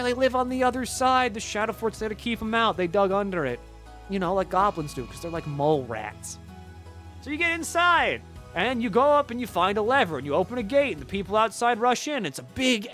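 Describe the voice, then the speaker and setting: Animated sarcastic young streamer, high voice. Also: male voice. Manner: animated, sarcastic, profane storytelling. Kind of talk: casual gameplay commentary.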